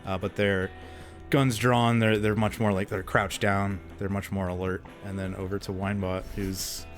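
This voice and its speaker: A man's voice: on the low side, little pitch movement, normal speed, soft background music. A man narrating as game master of a tabletop role-playing game, laid-back and laughing often, with filler words.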